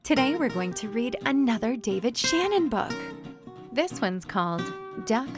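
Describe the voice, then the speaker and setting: A woman reading a children's picture book aloud, narrating in a lively, expressive way with big jumps in pitch. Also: moderate pace, music in the background. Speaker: storybook reader.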